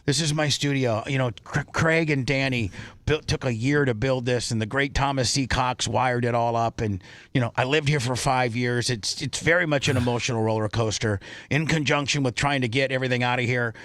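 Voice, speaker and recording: A man's voice: mid-range voice, fairly even intonation, brisk, fairly bright tone, dry recording. A male radio talk show host reading out listener donations on air from his studio, emotional and rambling, with many restarts. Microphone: studio microphone.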